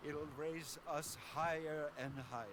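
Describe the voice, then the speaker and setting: An actor playing an earnest game character who speaks loftily about learning, heard as game audio over noise. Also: male voice, fairly high pitch, steady tone, a little slow, natural voice.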